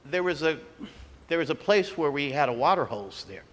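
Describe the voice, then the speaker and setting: A man preaching a sermon, telling a personal story with animated delivery and acting out the voices of the people in it. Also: a little high, moderate pace. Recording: long hall reverb.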